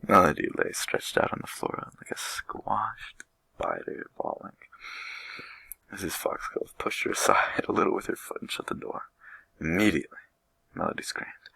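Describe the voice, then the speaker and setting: A man reads a children's chapter book aloud, gentle and unhurried. His voice is very low with a gravelly, husky texture yet a bright edge, recorded close and dry. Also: expressive, no room sound, rough recording. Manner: gentle, unhurried reading with light voices for characters. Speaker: storyteller.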